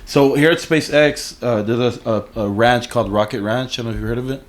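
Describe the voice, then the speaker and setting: A man's voice: medium pitch, fairly quick. A man in a casual interview, rambling with lots of fillers and slang. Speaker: artist guest.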